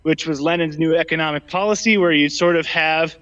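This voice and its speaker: A man's voice: fairly high pitch, brisk, a bit bright, smooth. A man in a casual political debate, a little out of breath, talking with many ums and restarts. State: slightly out of breath. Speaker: debate guest. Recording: dull lo-fi sound.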